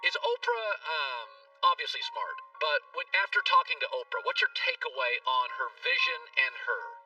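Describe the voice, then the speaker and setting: A man in his fifties, an animated and emphatic radio show host, interviewing a guest. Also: fairly high pitch, normal speed, far from the mic, lo-fi sound, faint music behind. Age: 50s.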